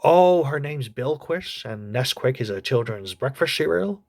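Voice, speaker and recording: A man voicing a crude, gossipy old male politician who reviews a TV show in a comedy sketch, with a husky voice. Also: medium pitch, expressive, unhurried, a little mellow. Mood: snarky.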